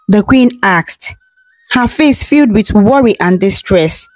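A woman narrating a dramatic folktale in a slow, measured way. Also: mid-range voice, lively intonation, no echo, faint music behind. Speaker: storyteller.

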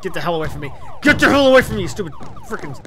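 A man commentating his own gameplay, excitable and profane, swinging between loud shouts and low mutters. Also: racing, slight background noise. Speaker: gaming video host. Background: game music.

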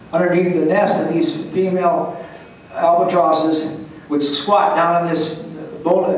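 With a slightly high voice and a darkish tone, an older man who flew for the Air Force tells salty, folksy stories, chuckling and restarting, to a historical society meeting. The recording is distant and very echoey in the large hall.

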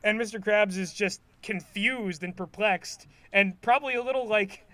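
A man's voice: high-pitched, moderate pace, pushed and bright, no room sound. A man co-hosting a podcast, recapping a cartoon episode in a rambling, filler-heavy way. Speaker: podcast co-host. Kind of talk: casual chat recapping an episode.

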